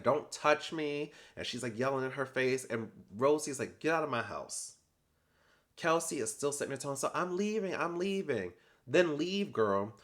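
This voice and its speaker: A young adult man recaps a reality TV episode in casual commentary, animated and sassy. He acts out people's lines and tosses in slangy asides, speaking at a medium pitch.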